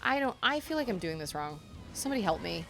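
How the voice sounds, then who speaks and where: A young woman streaming a video game, thinking out loud and often restarting her sentences with self-deprecating remarks. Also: on the low side, big pitch swings, quick pace, gravelly, faint music behind. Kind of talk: live game stream chat.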